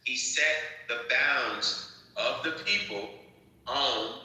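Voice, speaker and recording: Slow, patient man explaining scripture. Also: medium pitch, pushed and bright, very echoey, low-quality recording. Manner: slow, patient, tells others to relax. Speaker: discussion participant.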